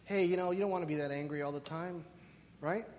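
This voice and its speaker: A male pastor preaching a lively, conversational sermon, often checking in with "right?". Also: a little high, fast talker. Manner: animated, conversational, keeps asking "right?". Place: church sanctuary. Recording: reverberant hall.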